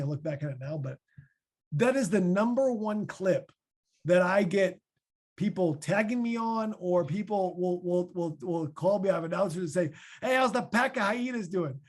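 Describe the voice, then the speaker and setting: A man in his thirties with a Midwestern American accent, answering podcast questions as a former linebacker in a chatty, animated way. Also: high-pitched, moderate pace. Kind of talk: casual podcast Q&A.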